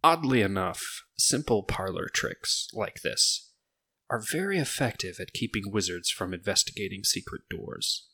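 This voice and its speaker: A man voicing a calm, courteous half-orc woman guide in a tabletop game. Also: fairly low pitch, measured pace, husky, exaggerated voice. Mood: polite.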